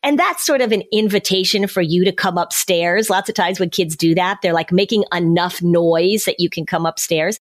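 A woman's voice: fairly low pitch, normal speed, few pauses. A middle-aged woman, a former social worker, explaining parenting with acted-out examples of parents and children. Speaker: parenting expert guest. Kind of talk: conversational advice.

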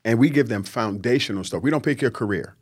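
A man, a guest on a podcast, talking in a lively, preachy way and mimicking people he quotes. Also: mid-range voice, quick pace, husky. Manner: animated, preachy, acts out quotes in mocking voices. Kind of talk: casual podcast conversation.

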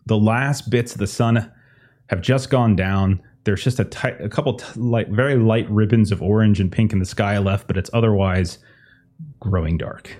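Game master with a low voice. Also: male voice, moderate pace. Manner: relaxed, rambling with fillers. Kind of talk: narrating a tabletop game.

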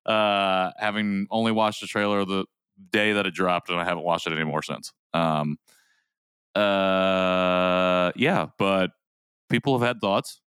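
Podcast co-host, man, low-pitched, forceful and smooth, dry close mic, jokey asides. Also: fairly even intonation, unhurried, no room sound. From American Midwest. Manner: joking, self-deprecating, rambling asides. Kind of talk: casual podcast chat.

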